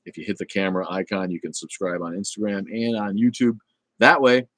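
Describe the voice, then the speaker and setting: Rambling low-voiced man hosting a livestream. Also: fairly quick, fairly bright tone, dry recording. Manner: rambling, chatty, with many fillers and restarts; irreverent and blunt. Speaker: livestream host. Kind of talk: casual livestream chat reading viewer comments.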